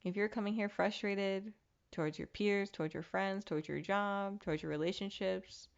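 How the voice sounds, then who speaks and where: A woman with a mid-range, creaky yet smooth voice speaks at a normal speed in a steady tone, though the recording is muffled. Hosting her own podcast, she gives a candid, reflective motivational monologue in a casual self-help style, cursing now and then.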